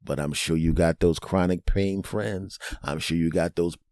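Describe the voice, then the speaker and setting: A man's voice: low-pitched, steady tone, moderate pace, a little mellow, no echo, studio quality. A man hosting a comedic podcast monologue, rambling through jokey asides and often tossing in a "right?". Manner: rambling, keeps asking "right?". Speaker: podcast host.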